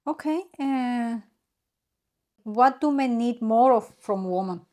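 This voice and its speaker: A woman's voice: on the high side, takes it slowly, warm tone. Woman co-host reading out questions. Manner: brief, laughing reactions between questions. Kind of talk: casual chat.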